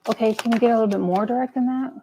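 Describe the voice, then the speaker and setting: A woman's voice: fairly high pitch, fairly even intonation, racing, warm tone, a little hiss or hum, rough recording. A woman doing a live tarot reading, chatting casually, muttering to herself and swearing freely as she pulls cards. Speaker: tarot reader. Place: home table with a cat nearby.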